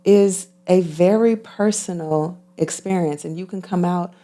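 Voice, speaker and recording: A woman speaking as a guest healer in an interview, calm and measured, repeating phrases for emphasis. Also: lowish voice. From United States. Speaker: guest, intuitive healer and physician. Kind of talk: reflective interview talk.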